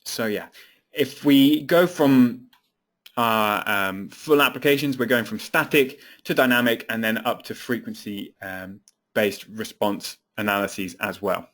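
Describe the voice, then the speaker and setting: A man, an application engineer presenting a technical software webinar, explaining steadily with frequent fillers and repeated words. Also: lowish voice, measured pace.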